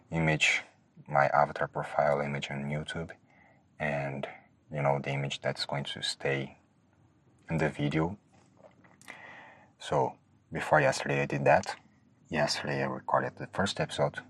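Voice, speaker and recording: A man's voice: rumbling low, husky. A man hosting a solo podcast, rambling nervously and hesitantly, often apologizing for how he talks. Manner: hesitant, self-deprecating, restarts often. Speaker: podcast host.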